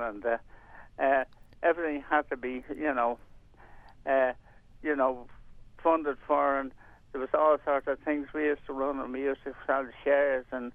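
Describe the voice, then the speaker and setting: A community radio volunteer and presenter, an older man with a mid-range voice, rambles hesitantly through a radio interview, full of fillers and restarts. The phone-line audio is tinny and dry, with no echo.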